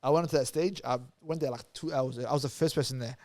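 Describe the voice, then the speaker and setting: A Somali-born youth worker raised in Australia speaks as a guest in a casual podcast interview. He talks fast and earnestly, leaning on repeated words and "you know" fillers, in a medium-pitched voice with a darkish tone.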